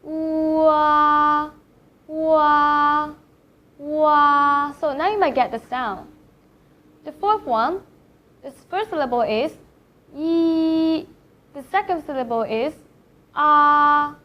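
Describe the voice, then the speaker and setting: A woman with a Thai accent gives a pronunciation lesson in a high voice. She talks unhurriedly and draws out each vowel to demonstrate it. The recording sounds slightly muffled. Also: animated, measured pace, long pauses. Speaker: Chinese language teacher. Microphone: camera facing the speaker.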